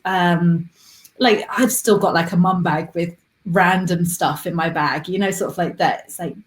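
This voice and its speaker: A woman's voice: on the low side, moderate pace. A woman hosting a casual interview, chatty and laughing often. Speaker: host. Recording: echoey room.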